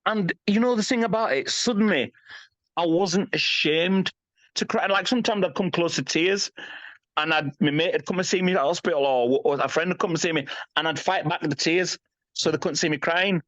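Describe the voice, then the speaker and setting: A slightly high, somewhat bright male voice at a moderate pace, captured with no room sound and a slightly dull lo-fi feel. The speaker is a man in his fifties guesting on a podcast, speaking openly in a blunt, emphatic manner, cursing freely and often checking "you know what I mean."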